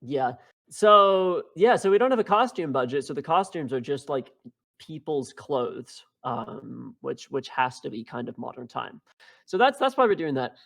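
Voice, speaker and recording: A man in a casual podcast chat, his voice sitting at an ordinary medium pitch. He rambles along, restarting sentences and laughing between thoughts. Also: very animated, a little slow, vocal fry, a bit bright. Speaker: podcast co-host.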